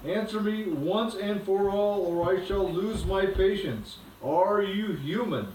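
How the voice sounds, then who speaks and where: A man reading a storybook aloud, voicing a cold, imperious woman queen who speaks slowly and commandingly. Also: fairly high pitch, animated, darkish tone, slight background noise, natural voice. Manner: commanding and slow. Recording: echoey room from a distance.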